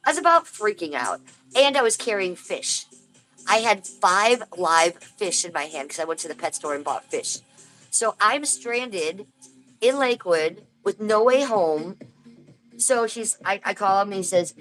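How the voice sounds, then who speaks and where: A woman hosts a livestream from home over her phone, chatting casually to viewers, greeting people by name and rambling through a complaint about an aching tooth. Her voice is medium-pitched, animated, unhurried and a bit bright, with faint music behind and poor audio.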